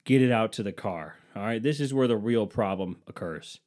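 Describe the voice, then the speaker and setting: A man's voice: lowish voice, lively intonation, normal speed, darkish tone. A man telling a comedic story in a casual, rambling way, sarcastic and full of swearing.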